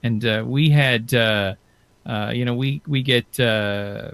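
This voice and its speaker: A man's voice: mid-range voice, takes it slowly, gravelly, a bit bright, clean tone, no echo. Man co-hosting a podcast; rambly, easygoing, dry close mic. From Newfoundland and Labrador, Canada. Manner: rambling, friendly, lots of "you know". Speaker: podcast co-host. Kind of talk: casual chat.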